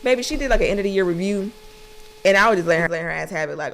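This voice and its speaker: A young adult woman co-hosting a podcast, telling profane, animated stories in casual chat. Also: on the low side, very fast, creaky. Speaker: podcast co-host.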